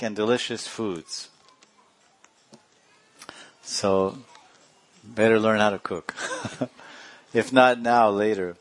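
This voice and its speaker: A man's voice: medium pitch, fairly bright tone. Playful man telling sacred stories. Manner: playful, laughs often, acts out characters. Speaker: religious teacher. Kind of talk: storytelling religious discourse.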